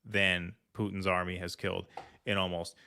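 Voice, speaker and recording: A man's voice: low voice, little pitch movement, normal speed, gravelly, pushed and bright. A man hosting a casual political commentary stream, blunt, sarcastic and profane. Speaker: host.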